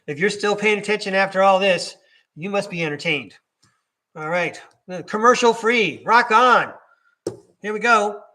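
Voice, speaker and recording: A man's voice: sits high, measured pace, pushed and bright. A man hosting a live podcast stream, reading tarot cards in a chatty, laughing way and correcting himself as he goes.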